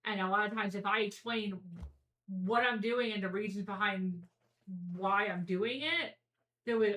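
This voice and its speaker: A woman's voice: medium pitch, moderate pace, fairly bright tone, roomy sound, recorded from a distance, poor audio. A woman talking frankly and bluntly as a guest in a casual chat, swearing freely. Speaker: podcast guest.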